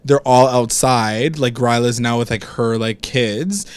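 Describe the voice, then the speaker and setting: A man co-hosting a podcast, recapping a TV episode in casual, sarcastic chat full of "like" and quick laughs. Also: mid-range voice, clean tone, dry recording. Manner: chatty, sarcastic, lots of "like" and laughter. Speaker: podcast co-host.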